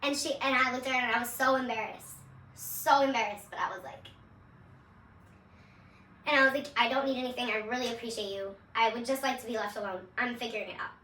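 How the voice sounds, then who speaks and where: A young woman from Seattle recounts her life story in a candid, loose way, swearing freely and laughing often. Her voice is high and bright. It rings in an echoey room, a little back from the microphone. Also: fairly even intonation, fairly quick, recorded from a distance, a little hiss or hum. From Seattle, USA. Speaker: vlogger. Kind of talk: personal testimony storytelling. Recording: echoey room, voice away from the mic.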